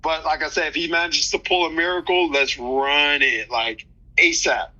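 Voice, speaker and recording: A man's voice: a little high, steady tone, normal speed, bright, forceful tone, lo-fi sound. A man in his thirties, a fighter talking loosely in an interview, slangy, with many restarts. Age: 30s. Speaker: fighter guest. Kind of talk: casual interview chat.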